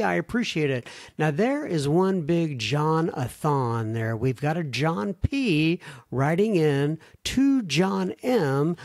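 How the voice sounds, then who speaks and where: A man hosting a podcast, reading listener emails aloud with chatty, joking asides. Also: on the high side. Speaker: podcast host. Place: home studio.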